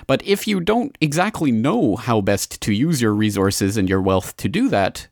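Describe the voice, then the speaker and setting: A man's voice: medium pitch, very animated, moderate pace, creaky, no echo, clean studio sound. A man reading scripted documentary narration in a sardonic, mocking tone.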